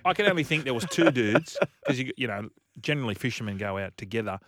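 Joking Australian radio man, lively pitch. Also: fast talker, slight background noise. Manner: joking, blunt, laughing asides. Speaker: radio co-host. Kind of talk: casual radio banter.

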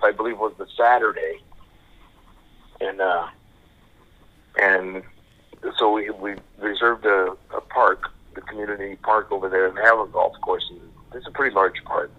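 An older man speaks in a lowish voice over a tinny phone line. He tells his story softly and haltingly, often repeating his words as he goes. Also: fairly even intonation. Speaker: guest, birth father. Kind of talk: casual storytelling interview. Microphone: phone call.

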